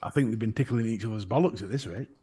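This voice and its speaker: A man's voice: lowish voice, fast talker, mellow, slight background noise. A man co-hosting a casual podcast chat, teasing the others with crude jokes and laughing often. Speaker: show co-host.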